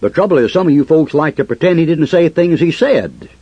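A man's voice: a little high, expressive, fairly quick, warm tone, slightly rough, no echo. A man preaching a fiery sermon in a combative way, firing rhetorical questions at his listeners. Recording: muffled lo-fi recording.

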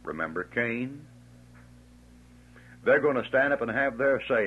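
A man's voice: medium pitch, animated, a little slow, long pauses, breathy edge. A man preaching a fiery sermon, emphatic and scornful, stretching out his stressed words. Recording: tinny lo-fi old tape.

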